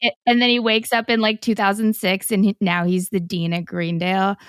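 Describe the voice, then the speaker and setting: A woman co-hosting a podcast in casual chat, excitable and slangy, swearing casually. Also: medium pitch, brisk, clean tone, dry recording, clean studio sound. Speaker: podcast co-host.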